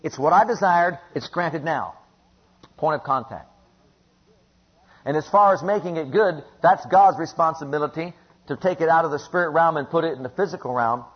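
Husky-voiced male preacher, emphatic sermon. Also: on the high side, normal speed. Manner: emphatic and repetitive, asks the congregation questions. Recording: dull lo-fi recording.

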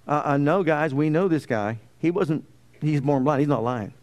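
A man preaching a sermon, animated, often questioning his listeners and acting out the quotes he tells. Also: on the high side, moderate pace.

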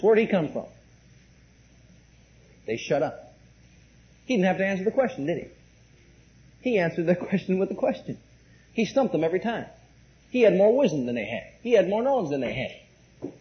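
A man's voice: high voice, animated, a little fast, long pauses. A man preaching an emphatic sermon, asking the congregation questions and repeating key words. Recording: muffled lo-fi recording.

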